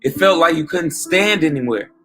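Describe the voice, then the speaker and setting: A man's voice: a little high, lively intonation, normal speed, bright, forceful tone, faint music behind. A man preaching informally and emphatically, often saying "man" and asking "okay?" as he recounts a dream.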